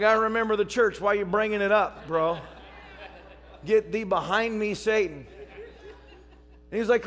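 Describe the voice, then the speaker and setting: A man preaching a sermon as pastor, telling stories and rising to shouts. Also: high voice. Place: church service.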